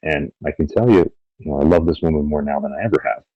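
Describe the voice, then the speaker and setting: Blunt, low-voiced man speaking candidly. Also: fast talker, dry recording, lo-fi sound. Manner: blunt, profane, animated storytelling with acted-out quotes. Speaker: podcast guest. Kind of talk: candid interview talk.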